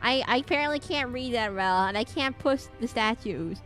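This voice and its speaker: A woman's voice: on the high side, moderate pace, fairly bright tone. A woman giving casual let's-play commentary on a horror game, reading game text aloud with wry asides. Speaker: gamer playing a horror game. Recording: faint game music behind.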